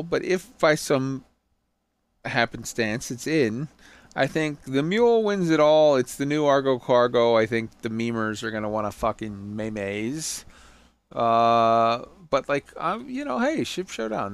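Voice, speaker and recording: A tired man hosts a casual gaming podcast, joking and swearing as he goes. His voice is smooth and his pitch swings a lot. The sound is dry and close. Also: no room sound. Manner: loose, swearing, jokey. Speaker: podcast host.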